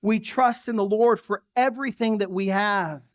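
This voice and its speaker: A man's voice: sits high, normal speed, no echo, studio quality. A man preaching a sermon in a church, talking in a conversational way and turning to the congregation with asides. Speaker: pastor.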